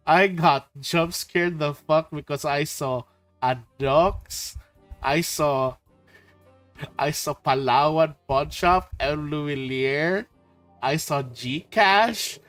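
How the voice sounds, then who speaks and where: A man from the Philippines chatting casually with his viewers about trip photos, excitable, swearing and laughing often. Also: a little high, dry recording. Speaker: streamer host.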